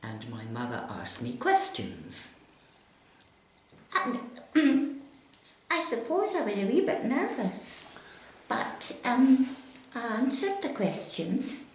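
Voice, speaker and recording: An older Scottish woman telling memories of her childhood and career in a chatty, animated way during an interview. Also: fairly high pitch, takes it slowly, long pauses. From Scotland. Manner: animated storyteller, chatty and vivid. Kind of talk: recalling memories in conversation. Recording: very echoey room, faint noise.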